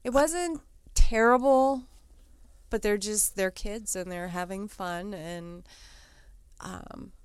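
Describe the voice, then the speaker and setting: A woman's voice: medium pitch, slow, smooth, dry recording. A woman hosting a paranormal podcast, chatting casually and often trailing off hesitantly. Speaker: podcast host and researcher. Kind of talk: casual chat.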